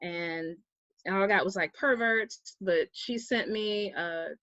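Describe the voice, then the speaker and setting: A woman guest telling a personal story in a casual interview, animated and acting out the people she quotes. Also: medium pitch, slow pace, dry recording, muffled recording. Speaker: guest, vegan activist.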